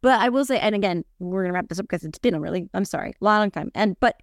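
A woman's voice: mid-range voice, fast talker, no echo, studio quality. A woman hosting a podcast, chatty and joking, swearing freely as she wraps up an interview. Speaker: podcast host. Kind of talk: casual interview chat.

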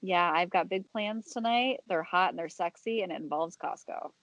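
A woman co-hosting a podcast from home, chatting excitedly and joking about shopping. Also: lowish voice, normal speed, no echo. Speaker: podcast co-host. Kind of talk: casual chat. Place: at home, remote.

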